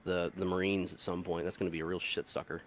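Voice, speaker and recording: A man's voice: deep voice, flat delivery, fast, a little hiss or hum. A man streaming a video game, chatting casually with a friend in a laid-back, swearing, dry way. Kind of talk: casual gameplay chat.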